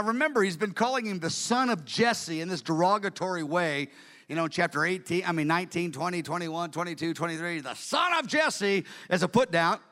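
A man preaching with animated, chatty storytelling, his voice high and bright. A long hall reverb trails every phrase. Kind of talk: sermon.

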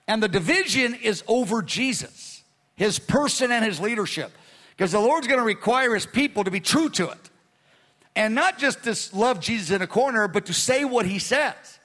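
A man, a pastor, teaching through scripture in a conversational sermon, animated and retelling verses in everyday speech. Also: high voice, normal speed. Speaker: pastor teaching a Bible study.

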